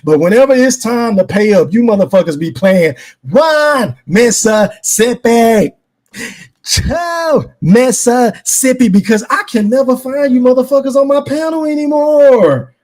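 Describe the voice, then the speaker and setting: A man's voice: high-pitched, darkish tone. A man hosting a podcast, giving an emphatic, profane boxing opinion rant and talking straight to his live chat. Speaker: podcast host.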